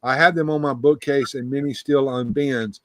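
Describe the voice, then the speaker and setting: A man's voice: medium pitch, fairly even intonation, normal speed, no room sound. A man hosting a loose, unscripted chat show, talking in a rambling way with many restarts. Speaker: host. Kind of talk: casual chat.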